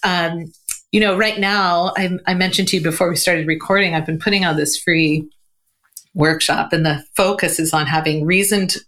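Woman guest on a podcast, slightly low voice, animated and chatty, lots of fillers. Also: normal speed. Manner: animated, acts out quoted voices, laughs often; frequent fillers like "um" and "you know". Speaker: guest, communication coach. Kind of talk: podcast interview conversation.

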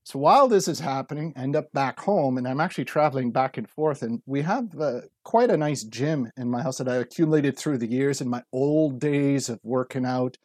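A man's voice: medium pitch, animated, brisk, few pauses, darkish tone, dry recording, clean studio sound. A man in his forties telling his story earnestly as a podcast guest, acting out quoted speech. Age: 40s. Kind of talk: casual interview talk.

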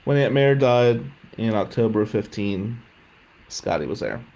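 Gravelly-voiced man telling a grief story. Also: lowish voice, animated, moderate pace, a little mellow, a little hiss or hum, rough recording. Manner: candid, rambling, swears when upset. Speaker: guest telling his life story. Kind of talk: emotional personal storytelling. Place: jail visiting room.

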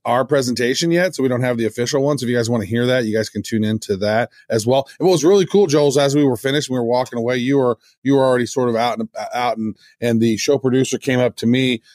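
A man's voice: mid-range voice, fast, hardly any pauses, a little mellow, no echo, clean studio sound. A man co-hosting a podcast in casual chat, talking with enthusiasm, rambling and restarting his sentences. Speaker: podcast co-host.

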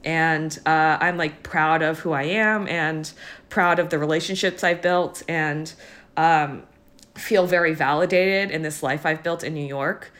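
A young woman with a somewhat low voice talks in a loose, halting podcast chat. She is teary, full of fillers and restarts, and laughs now and then through the tears. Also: fairly even intonation, fairly bright tone. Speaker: podcast co-host. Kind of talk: casual chat.

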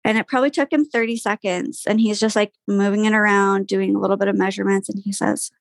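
A woman's voice: mid-range voice, fairly even intonation, fast talker, creaky, few pauses, no echo, clean studio sound. A young woman guest telling a personal story in casual conversation, candid, with frequent fillers and sighs.

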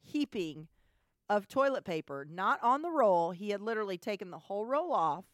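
A woman telling a family story in casual chat, animated, with stammering restarts. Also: mid-range voice, normal speed, no room sound, clean studio sound. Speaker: podcast co-host, mother.

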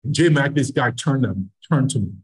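Animated man telling a personal story. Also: medium pitch, a little fast. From Nigeria. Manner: animated storyteller who acts out quoted dialogue. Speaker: podcast guest. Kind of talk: storytelling anecdote.

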